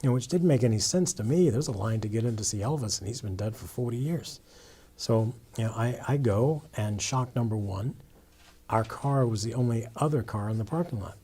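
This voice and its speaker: Man, guest in a testimony interview, husky and breathy tone, earnest storytelling. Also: mid-range voice, brisk, mellow. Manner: earnest, with frequent restarts and "you know". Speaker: guest telling his conversion story.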